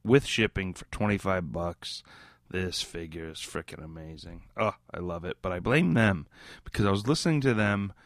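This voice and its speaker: A man's voice: deep voice, moderate pace, no echo, studio quality. A drunk man hosting a podcast, rambling and giggly, who keeps drifting into mock British slang. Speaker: podcast host. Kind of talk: casual rambling podcast chat.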